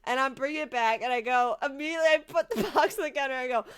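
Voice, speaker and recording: A streamer in her late twenties, speaking in a high voice and talking fast, tells her viewers about her day. The recording is clean, and her casual story comes out emotional and rambling as she laughs through tears.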